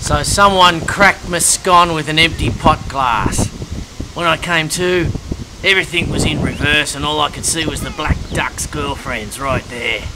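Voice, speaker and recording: A man's voice: fairly high pitch, a little slow, noisy background. An Australian man narrating a comic detective story in a joking, laid-back way with little chuckles. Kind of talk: comic spoken narration over drum music. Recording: loud drum and music bed behind.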